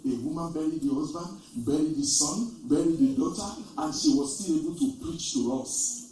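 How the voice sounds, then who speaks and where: A man's voice: on the high side, moderate pace, warm tone, a little hiss or hum. A man preaching a sermon, telling stories and repeating his key lines with rising emphasis. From Nigeria. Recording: echoey, distant from the mic.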